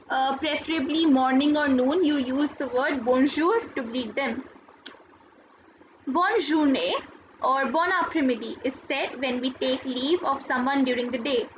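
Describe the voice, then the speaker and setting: A woman teaching a recorded school lesson, explaining each word slowly and carefully and repeating it. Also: high-pitched. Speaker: French teacher. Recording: dull lo-fi sound, faint noise.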